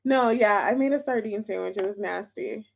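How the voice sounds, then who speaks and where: A young woman chats casually on a live stream as a tarot reader, bubbly and talkative, greeting viewers by reading their chat names aloud. Her mid-range voice is creaky, at normal speed.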